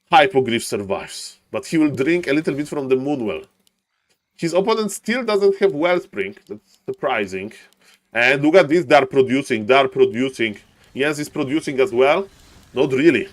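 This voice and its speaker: A man casting a live strategy game, excitable, repeating phrases and yelling advice at the players in non-native English. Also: a little high, unhurried. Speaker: esports caster.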